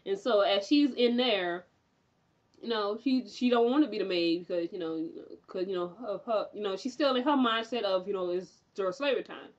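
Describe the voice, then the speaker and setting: A young woman recapping a TV episode in a chatty, animated way, with lots of fillers and frequent laughter. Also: mid-range voice, normal speed, lo-fi sound. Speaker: TV recap reviewer.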